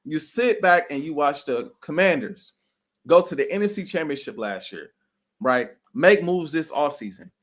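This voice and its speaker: A man's voice: fairly high pitch, moderate pace. A man co-hosting a sports podcast, talking casually with lots of slang and strong opinions. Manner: animated, slangy, keeps saying bro; opinionated and emphatic.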